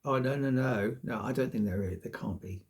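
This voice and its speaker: Gravelly-voiced man rambling. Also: medium pitch, brisk. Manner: rambling, self-deprecating, swears freely. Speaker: vlogger. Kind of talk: casual rambling monologue to camera.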